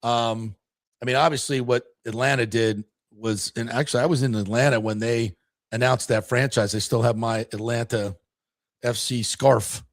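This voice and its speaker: Sports show host guy, gravelly, rambly and chatty, dry close mic. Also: medium pitch, fairly even intonation, normal speed, no room sound. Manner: rambling, chatty, frequent fillers. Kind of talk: casual sports radio chat.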